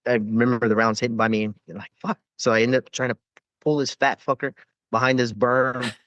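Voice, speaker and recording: A man's voice: mid-range voice, flat delivery, a little fast, fairly bright tone, no echo, dull audio. A man, a former Navy corpsman, telling rambling war stories with lots of swearing and fillers in a casual podcast interview.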